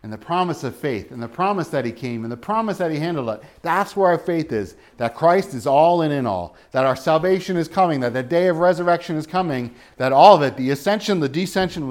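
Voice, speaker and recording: A man delivers an earnest sermon in a voice pitched a little high. He quotes scripture and throws out rhetorical questions. He jumps from emphatic bursts to low, quiet asides. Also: lively intonation, fairly quick, few pauses. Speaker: pastor.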